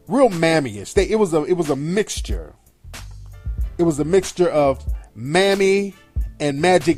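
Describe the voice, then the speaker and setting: This middle-aged radio host's fairly high, slightly mellow voice carries an emphatic monologue trashing a film in blunt, scornful, profane terms. Faint music runs underneath.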